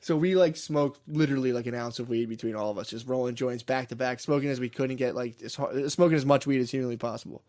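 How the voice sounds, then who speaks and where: Young man, quick profane storyteller, laughs a lot, mid pitch. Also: darkish tone. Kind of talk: casual chat.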